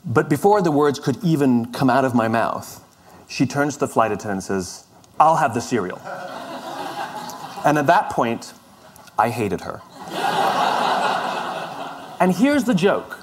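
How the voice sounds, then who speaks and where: A man's voice: medium pitch, sing-song, a little slow, pauses often, a little hiss or hum. Man telling a funny travel story. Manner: conversational, self-deprecating, with frequent restarts. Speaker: speaker. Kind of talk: storytelling talk.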